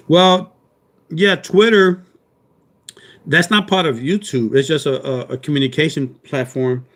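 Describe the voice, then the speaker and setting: Higher-pitched joking live stream man. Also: fairly even intonation, a little slow. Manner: loud, joking, rambling, talks to chat by name. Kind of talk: casual live stream chat.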